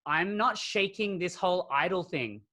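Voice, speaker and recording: A man hosting a casual fan podcast, talking in an animated, chatty way full of "like" fillers. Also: high voice, moderate pace. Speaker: podcast host. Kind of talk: casual chat.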